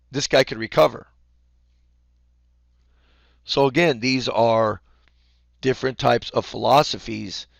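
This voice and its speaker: Male basketball coach teaching defense; casual, gravelly, mid-pitched voice. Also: no room sound, clean studio sound. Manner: explains casually, acts out courtside calls. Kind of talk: instructional talk.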